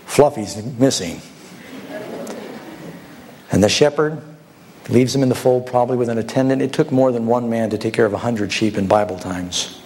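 A man's voice: medium pitch, normal speed, pauses often, darkish tone, slight background noise. Storytelling preacher man, rhetorical questions. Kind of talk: sermon.

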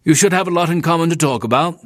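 A man reading as a brisk, courteous bathhouse owner. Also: fairly high pitch, no echo, clean studio sound, voice pushed up, close to an everyday voice. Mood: cordial.

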